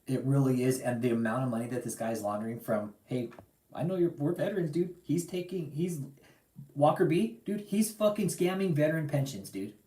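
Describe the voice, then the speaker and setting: A medium-pitched, expressive male voice, a little fast and dark in tone, recorded in an echoey room. This livestream host is in a heated rant, angry and profane, repeating himself and going straight at his target.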